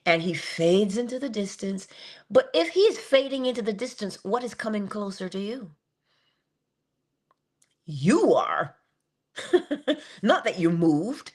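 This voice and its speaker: A woman giving a conversational spiritual talk on meditation, with playful asides and slow, drawn-out emphasis on key words. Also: medium pitch, darkish tone. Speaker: inspirational speaker.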